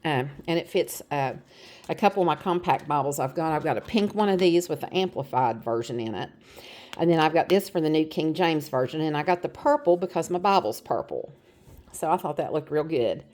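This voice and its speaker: A woman's voice: deep voice, expressive, a little fast, a little mellow. A middle-aged woman chatting casually to her phone camera, rambling with fillers as she shows off items. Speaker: vlogger. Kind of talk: casual show-and-tell chat.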